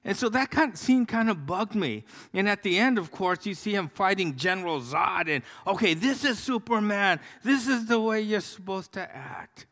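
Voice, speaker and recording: Pastor, male, slightly high voice, chatty sermon delivery, long hall reverb. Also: animated, normal speed, few pauses, a bit bright. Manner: conversational, storytelling with many fillers.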